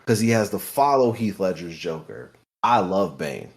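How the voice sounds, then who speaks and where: A man's voice: deep voice, sing-song, moderate pace, breathy edge. A man on a movie podcast giving emphatic, opinionated takes. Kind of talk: casual movie-discussion chat.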